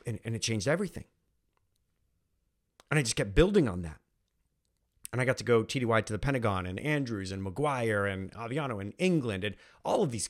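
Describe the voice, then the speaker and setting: A man, a former airman turned trainer, telling a personal story in an earnest, emphatic way, repeating phrases for weight. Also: fairly low pitch. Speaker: podcast host and trainer.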